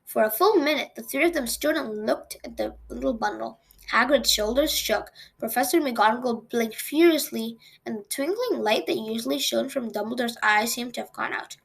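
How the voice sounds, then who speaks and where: A woman reading a novel aloud in a plain, steady storytelling manner for her channel. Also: on the high side, normal speed, vocal fry, breathy edge. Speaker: read-aloud channel host.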